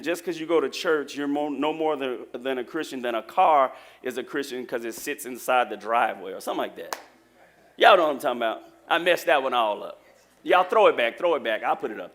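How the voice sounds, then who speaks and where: Lively joking preacher man. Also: medium pitch, fairly quick. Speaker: pastor. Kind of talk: sermon. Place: church.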